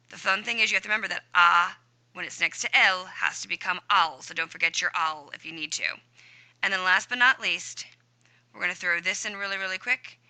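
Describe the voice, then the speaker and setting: A woman's voice: on the low side, bright, forceful tone. A woman teaching a recorded Spanish grammar lesson, upbeat and chatty, talking to herself while she types.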